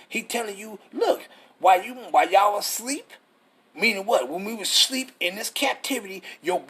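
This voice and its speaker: A man's voice: sits high, fairly bright tone, breathy edge. A man, teaching scripture in a fiery, profane style full of rhetorical questions. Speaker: preacher.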